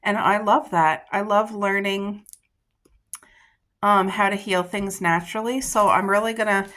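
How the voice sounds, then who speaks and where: A woman's voice: medium pitch, steady tone, measured pace, fairly bright tone. A woman vlogger chatting casually to the camera, gushing and enthusiastic about her finds and her garden. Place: garden outdoors.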